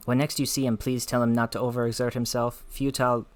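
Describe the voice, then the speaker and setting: A man's voice: medium pitch, level tone, fast, dry recording, lightly acted. A man reading a formal, earnest woman guard captain from a video game in an attempted Scottish accent. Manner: formal, old-fashioned phrasing read aloud. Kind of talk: reading game dialogue aloud.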